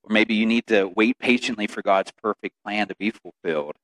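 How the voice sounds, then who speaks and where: A man preaching a sermon as pastor, telling stories and building to loud, emotional quoted lines. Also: fairly low pitch, a little fast.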